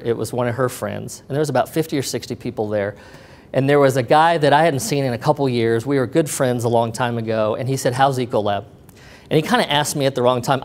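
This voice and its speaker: A middle-aged man telling a personal story to an audience, acting out the voices of the people in it. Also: mid-range voice. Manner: animated, acts out the voices of others in the story. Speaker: speaker sharing a testimony.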